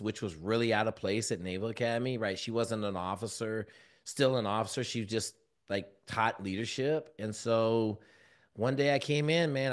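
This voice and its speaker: A man, a guest on an interview show, telling a personal story in casual, slangy speech and acting out the voices of people in it. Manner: animated, acts out quoted dialogue with big pitch jumps; colloquial, relaxed slang. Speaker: guest, former Navy SEAL and mentor.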